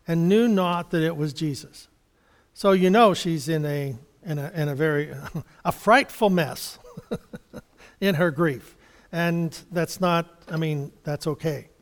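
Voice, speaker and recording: High-voiced man preaching in a hall. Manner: conversational, halting, chuckles, restarts. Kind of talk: sermon Bible study.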